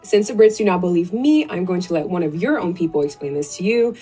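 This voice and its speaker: A woman making a social media explainer, talking in a chatty, animated way and filling her speech with "like". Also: on the low side, fast, husky, soft background music. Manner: animated, chatty, uses "like" a lot. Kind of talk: casual explainer video.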